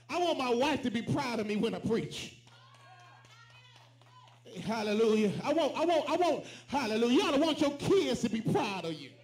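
A pastor preaching a sermon with call and response, rising to shouts. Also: male voice, very high voice. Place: church sanctuary. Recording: echoey church room.

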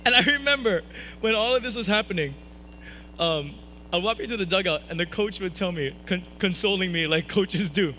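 A man's voice: high-pitched, moderate pace, pushed and bright, slight background noise, rough recording. A man preaching a sermon at a church service, telling stories in a playful, self-mocking way with jokey asides. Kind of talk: humorous sermon storytelling.

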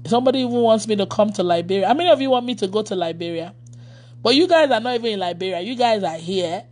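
A woman's voice: mid-range voice, expressive, quick pace, darkish tone. A woman pastor in casual livestream chat with her followers. She laughs often and reads their comments aloud.

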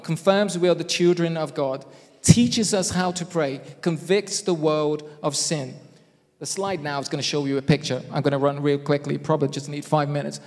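A man preaching a conversational sermon with deliberate, emphatic phrasing and self-deprecating asides, recorded in a church hall. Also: a little high, a little mellow. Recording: long reverb in a church hall.

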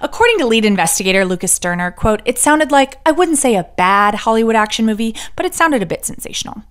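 A woman's voice: fairly high pitch, animated, quick pace, a bit bright, clean tone. A woman hosting a true crime podcast, telling the story with sarcastic asides and the odd whispered joke. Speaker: podcast host.

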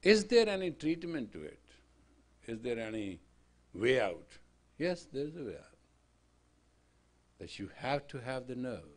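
A man teaching a spiritual class, emphatic, swinging from quiet lines to loud declarations, telling stories with quoted dialogue. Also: mid-range voice, sing-song, a little slow, long pauses. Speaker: yoga teacher. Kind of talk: spiritual lecture. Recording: 1980s class recording.

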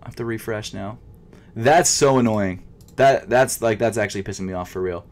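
A young man giving casual running commentary as he tries to buy sneakers online, nervous and frustrated, swinging from loud outbursts to quiet mumbling, with keyboard typing behind him. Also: on the low side, normal speed. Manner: nervous, stuttering. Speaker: sneaker vlogger. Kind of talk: casual live commentary while shopping online.

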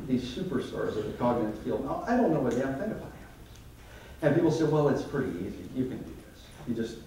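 Facing a live audience in a large hall, a photographer delivers a self-deprecating, wryly funny talk in a mellow, medium-pitched voice. A far-off mic picks up the hall's echo along with a bit of background noise.

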